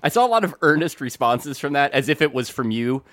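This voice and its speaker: A male podcast co-host with a wry, dry sense of humor and a mid-pitched voice. He sits close to a dead, dry studio mic. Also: big pitch swings, fairly quick, a bit bright, no echo. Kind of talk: comedic chat.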